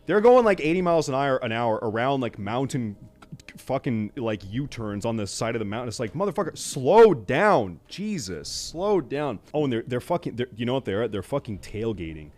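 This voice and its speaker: A young man streaming, ranting casually and profanely to his chat, exasperated and often loud. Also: medium pitch, lively intonation, brisk.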